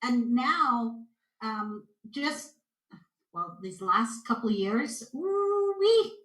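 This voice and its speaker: A Canadian woman, a guest, chatting in a lively storytelling way on a video call and acting out the voices in her stories. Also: fairly high pitch, drawn-out words. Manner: animated storyteller, acts out quotes. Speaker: guest intuitive. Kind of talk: casual interview chat. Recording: echoey room.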